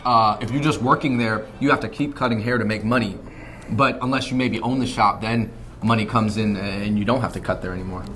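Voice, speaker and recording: A man's voice: on the low side, a little fast, music in the background. Laid-back young man chatting over dessert. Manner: laid-back, agreeable, talks while eating. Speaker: web video host. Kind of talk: casual interview chat. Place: dessert shop.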